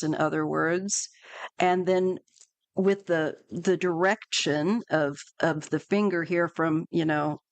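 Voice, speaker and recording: A woman's voice: fairly low pitch, no room sound. A woman doing a live tarot reading for viewers, chatty and reassuring, with many fillers and restarts. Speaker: tarot reader.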